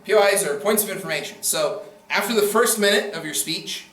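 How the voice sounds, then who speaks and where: A man's voice: high-pitched, a little fast, a bit bright. A man giving a casual classroom lecture on debating, joking and acting out quoted speakers. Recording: echoey room from far off.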